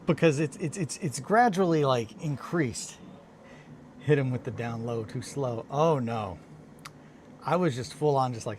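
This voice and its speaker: A just-woken man chats to his viewers in a loose, rambling way, restarting his sentences as he tells a story. His voice sits at an ordinary middle pitch. A steady noise runs under the recording. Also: a little slow. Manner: rambling, self-interrupting, restarts and fillers. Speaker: hobby livestream host. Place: home studio and workshop.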